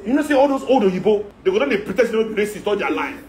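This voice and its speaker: A man's voice: high-pitched, sing-song, racing, a crowd in the background. A Nigerian man in casual, opinionated chat who mixes Pidgin and Yoruba and mocks his listeners. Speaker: musician and guest.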